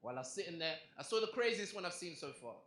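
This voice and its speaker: Racing through his set, this young Englishman performs stand-up to a live comedy club audience, chatting with them in a punchy way. His voice sits fairly high, expressive and a bit bright, against an echoey room with laughter from the crowd.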